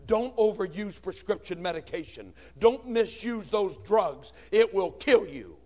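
A man preaching a sermon with personal testimony, swinging from shouting to hushed tones in front of a congregation. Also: high-pitched, animated, unhurried. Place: before a congregation.

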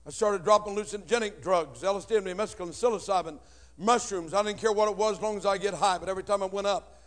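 A man with a high-pitched voice delivers a punchy, comic testimony to a church crowd. He swings from quick storytelling into loud shouted lines. His pitch sits well above most men. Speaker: speaker telling his life story to a church.

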